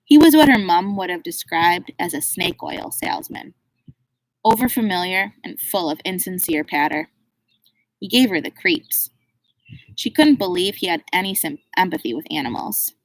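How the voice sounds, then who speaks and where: Low-voiced woman narrating a storybook. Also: lively intonation, normal speed, low-quality recording. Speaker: audiobook narrator.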